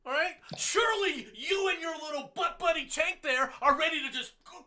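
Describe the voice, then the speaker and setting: Guy with a really high sharp voice ranting sarcastically, stammers a lot, yells sometimes. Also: brisk, few pauses. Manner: sarcastic, stammering, shouting bursts. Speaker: podcast host. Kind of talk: mocking political rant.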